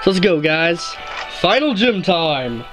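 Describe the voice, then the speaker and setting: A male let's play host talks through his game in a loose, rambling way, cracking small jokes and correcting himself mid-sentence. His voice sits a little higher than most men's, and quiet game music plays under him. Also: big pitch swings, takes it slowly, low-quality recording. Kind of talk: casual gameplay commentary.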